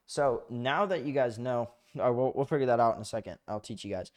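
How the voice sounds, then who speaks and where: A man's voice: medium pitch, a little fast. A young man giving a loose, rambling trading lesson over his screen, swearing often and full of fillers, at a desk microphone. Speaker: trading educator. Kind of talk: casual screen-share lesson.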